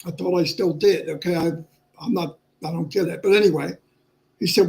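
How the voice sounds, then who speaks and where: A man in his sixties talking candidly to his livestream viewers, halting and restarting often. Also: sits high, fairly even intonation, vocal fry, a little mellow, low-quality recording. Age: 60s. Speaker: livestream host. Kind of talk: personal talk to viewers.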